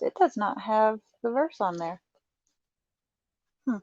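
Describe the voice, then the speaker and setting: A woman's voice: mid-range voice, expressive, takes it slowly, a little mellow, no room sound. A middle-aged woman, chatting casually on a live stream as she shows off a craft haul, laughing often and talking to her viewers. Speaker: livestream host showing a craft haul. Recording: dull, muffled lo-fi sound.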